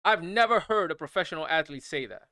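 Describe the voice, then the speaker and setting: Playing a game, a thirtysomething male streamer launches into a casual, incredulous rant, animated and full of repetition. His smooth voice is on the high side and a little fast, captured in clean studio audio with no room sound.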